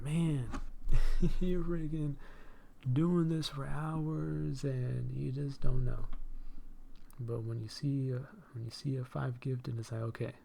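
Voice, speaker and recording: A man's voice: fairly high pitch, vocal fry, mellow, a little hiss or hum. A man hosting a live stream and podcast in casual chat, effusive, often repeating "hey" and "my dude" and laughing between phrases.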